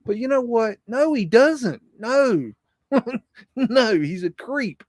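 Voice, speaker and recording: A man hosting a livestream, talking in an excitable, profane, rambling way. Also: very high voice, slow pace, no room sound, clean studio sound. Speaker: livestream host. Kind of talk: casual livestream commentary.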